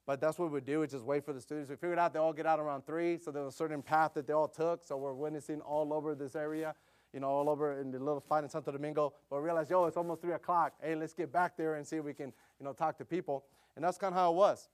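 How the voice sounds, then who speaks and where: A middle-aged male preacher delivers a relaxed, story-driven sermon, speaking at a slightly higher pitch than most men. His talk is full of "you know" fillers, and he grows louder and more animated whenever he gets excited. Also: quick pace.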